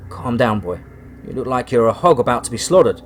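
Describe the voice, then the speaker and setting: A man voicing a blunt, cool stranger in a cowboy hat who speaks in an unhurried drawl. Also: mid-range voice, animated, a little hiss or hum, close to an everyday voice. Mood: gruff.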